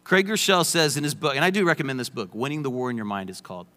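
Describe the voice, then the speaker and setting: A man's voice: mid-range voice, quick pace, bright, forceful tone. A young adult man preaching a sermon, emphatic with joking asides. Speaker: pastor. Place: church sanctuary. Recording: long hall reverb.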